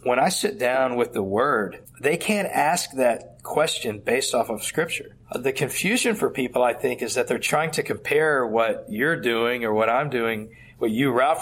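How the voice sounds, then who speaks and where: A man's voice: medium pitch, moderate pace, fairly bright tone, husky. Earnest middle-aged pastor, mid-range male voice, conversational storyteller. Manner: earnest, storytelling with quoted dialogue. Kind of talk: conversational interview answers. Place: at a church conference.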